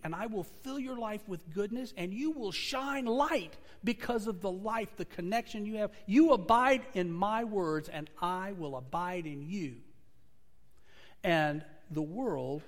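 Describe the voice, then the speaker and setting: Male pastor, high voice, earnest storyteller rising and falling in volume, church sanctuary with long reverb. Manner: earnest storytelling preaching, swelling and dropping in volume. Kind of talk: sermon.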